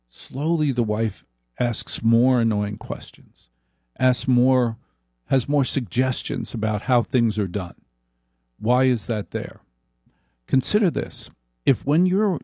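Gravelly, slow wry male monologue. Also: medium pitch, dark tone, dry recording, clean studio sound. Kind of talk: comic monologue.

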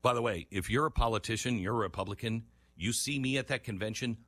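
A man hosting a political talk show, reading scripture in a preaching cadence and then yelling his frustration at listeners. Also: mid-range voice, quick pace, few pauses, no room sound.

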